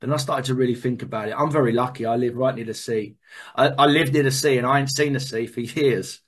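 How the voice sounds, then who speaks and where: A man telling his own recovery story in an earnest, animated way, with many restarts. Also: mid-range voice, quick pace, slightly rough. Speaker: recovery speaker. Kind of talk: personal testimony talk.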